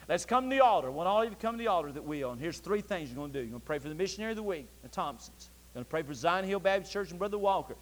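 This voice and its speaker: Preacher guy, real high voice, gets loud and fervent, big church echo. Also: expressive, rapid-fire, few pauses. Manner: emotional storytelling, rising to fervent near-shouting. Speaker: pastor. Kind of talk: sermon. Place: church sanctuary. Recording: long church reverb.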